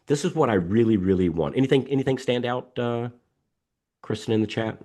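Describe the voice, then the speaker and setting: A man's voice: medium pitch, a little fast. A middle-aged man hosting a live coaching session over a video call, talking emphatically, repeating himself, and telling stories. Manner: emphatic, repetitive, animated storytelling. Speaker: coaching host. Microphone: video call microphone.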